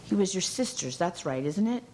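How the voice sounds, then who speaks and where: A woman's voice: fairly low pitch, expressive, normal speed, darkish tone, slight background noise, voice pushed up, close to an everyday voice. A woman voicing a nervous, fashion-conscious young newlywed hostess who chatters and pries. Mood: anxious.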